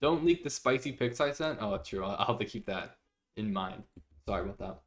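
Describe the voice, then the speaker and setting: A man's voice: on the low side, expressive, a little fast. A young man streaming live, chatting casually with viewers, reading their messages aloud and laughing often.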